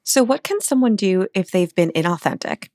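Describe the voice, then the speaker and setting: A woman's voice: mid-range voice, lively intonation, normal speed, mellow, dry recording, studio quality. A woman co-hosting a podcast interview, asking engaged questions. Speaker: podcast co-host.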